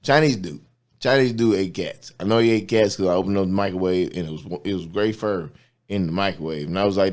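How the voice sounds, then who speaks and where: A man's voice: low-pitched, brisk, a little mellow. A man telling a long, profane story in casual chat, acting out the people he quotes. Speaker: comedian guest.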